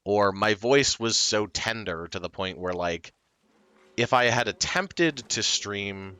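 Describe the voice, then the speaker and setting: Rambling male streamer, lively pitch. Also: slow, smooth, no room sound. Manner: rambling, self-deprecating, lots of fillers and restarts; breaks into short laughs. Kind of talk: casual chat to stream viewers.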